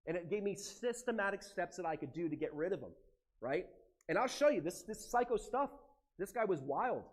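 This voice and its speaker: An animated, emotional American man giving a live seminar talk to a conference audience and swearing casually. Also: fairly high pitch. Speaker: conference speaker.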